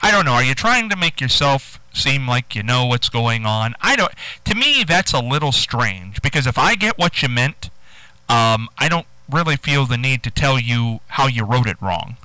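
A man's voice: medium pitch, big pitch swings, normal speed, sharp tone, dry recording, low-quality recording. A man hosting a call-in radio show, chatting in a rambling, emphatic way. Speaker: radio host.

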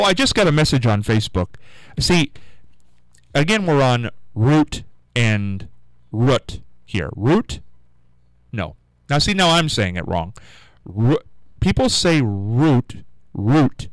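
Man from Ohio, radio host, rambling musing monologue, animated voice, dry studio sound. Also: mid-range voice, dry recording, low-quality recording. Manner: rambling, chatty, musing aloud.

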